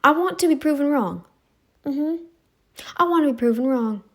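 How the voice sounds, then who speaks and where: A woman's voice: high voice, lively intonation. A woman vlogger talking to camera in a casual, insistent way, repeating herself for emphasis. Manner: insistent and repetitive, drawn-out emphatic phrasing.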